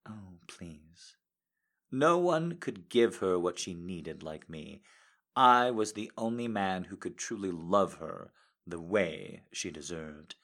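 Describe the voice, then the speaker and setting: A man reading a romance story aloud in a soft, intimate way, hesitant and full of fillers when he speaks off script. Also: deep voice, lively intonation, takes it slowly. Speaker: reader of fiction.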